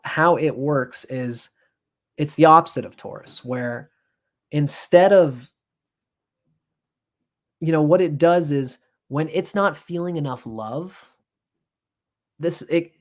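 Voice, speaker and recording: A man giving an astrology reading on a live stream, blunt and profane, switching into acted voices to make his points. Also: on the high side.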